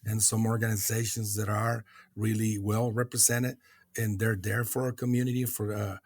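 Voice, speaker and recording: A middle-aged man from Mexico, a guest in a recovery podcast conversation, speaking earnestly and reflectively with many hesitant pauses and restarts. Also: lowish voice, little pitch movement, breathy edge, no room sound.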